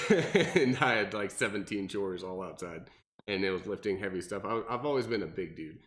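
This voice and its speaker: A man with a very low voice talks loosely on a podcast, rambling with fillers and false starts. The sound is roomy, with echo around him. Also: fairly quick. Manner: rambling, many fillers and restarts. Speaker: podcast co-host, personal trainer. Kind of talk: casual podcast chat.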